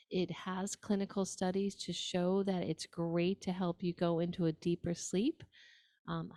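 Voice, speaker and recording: A woman's voice: fairly low pitch, a little mellow, no room sound. A woman with a New York accent hosting a nutrition show, giving casual, chatty advice with frequent asides and ums.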